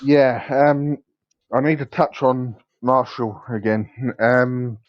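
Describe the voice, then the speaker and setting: A man co-hosting a casual football podcast, talking in a relaxed, hesitant way with many pauses. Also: medium pitch, dry recording. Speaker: podcast co-host. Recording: dull dry lo-fi sound.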